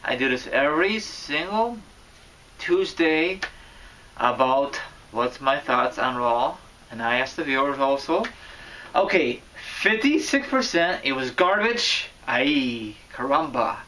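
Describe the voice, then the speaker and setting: Slow, bright-voiced rambling vlogger man. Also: fairly high pitch, animated, far from the mic, a little hiss or hum, low-quality recording. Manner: rambling, self-correcting, prone to sudden bursts of loudness. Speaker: wrestling vlogger. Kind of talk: casual vlog commentary.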